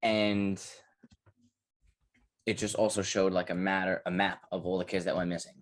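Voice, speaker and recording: A young man co-hosting a podcast, talking casually and rambling through profane, animated stories. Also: deep voice, normal speed. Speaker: podcast co-host. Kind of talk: casual chat.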